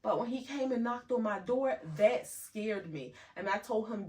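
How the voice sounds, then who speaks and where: A woman's voice: on the high side, moderate pace, few pauses, dark tone, far from the mic. A woman co-hosting a podcast, talking candidly in casual chat with lots of fillers. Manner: candid, chatty, many fillers. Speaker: podcast co-host.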